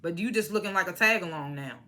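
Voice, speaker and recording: Young woman, bright and forceful voice, casual profane TV recap, blunt opinions. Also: fairly low pitch, quick pace. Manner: blunt, profane and opinionated, mimics cast members. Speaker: reality TV recap vlogger. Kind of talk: casual reality show review.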